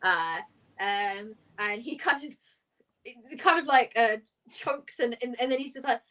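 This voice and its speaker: A woman running a tabletop one-shot as game master, narrating in a lively way with many fillers and laughs. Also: a little high, takes it slowly.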